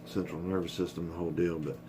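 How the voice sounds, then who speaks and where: A man's voice: low-pitched, level tone, quick pace, noisy background. A middle-aged man rambling candidly in a casual personal vlog, swearing freely and getting choked up. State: emotional, choked up. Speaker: vlogger.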